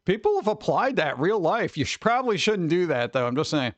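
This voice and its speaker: Excitable and jokey, a male host talks with viewers on a casual livestream, now and then bursting into sudden exclamations. He speaks a little fast in a fairly high voice, captured close and dry with no echo but dull audio.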